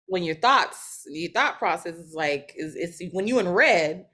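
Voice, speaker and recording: A woman co-host with a bright, forceful voice chats casually. She listens closely, laughs along and offers reassuring thoughts. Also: on the low side, lively intonation, unhurried. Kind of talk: casual chat.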